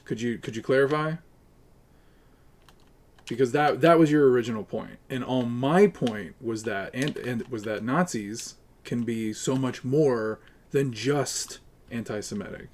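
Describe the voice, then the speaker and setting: Live-streaming a game, a man with a mid-range, slightly mellow voice talks a little slowly. He rants profanely and combatively, arguing with chat and cursing his teammates.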